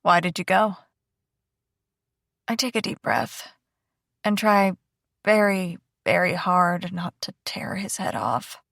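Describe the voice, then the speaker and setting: A woman's voice: lowish voice, expressive, slow pace, gravelly, a bit bright, dry recording, clean studio sound. A woman narrating a first-person audiobook in a wry, conversational way.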